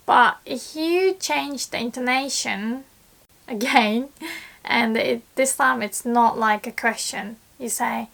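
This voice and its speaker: A woman teaching Japanese in a casual video lesson, chatty and quick to act out example lines. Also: on the high side, fairly bright tone.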